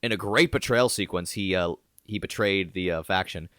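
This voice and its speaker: A man with a low voice co-hosts a podcast, talking casually with jokey, rambling asides. He drops in theatrical pauses for comic effect. The sound is dry and close, with little room. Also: sharp tone, clean tone, dry recording. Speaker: podcast co-host.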